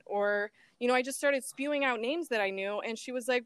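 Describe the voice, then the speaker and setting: Smooth-voiced woman recounting a painful story. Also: on the high side, fairly quick, few pauses, dry recording. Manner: animated storytelling, acts out phone dialogue, nervous laughs. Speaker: guest, daughter of a missing woman. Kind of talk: emotional personal account in an interview.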